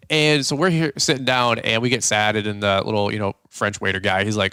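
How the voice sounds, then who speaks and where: A young man hosting a podcast, telling a funny story in a casual, animated way and acting out the voices of the people in it. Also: fairly low pitch, fairly quick, clean tone, no room sound, clean studio sound. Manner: animated, jokey, acts out quoted voices. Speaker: podcast host.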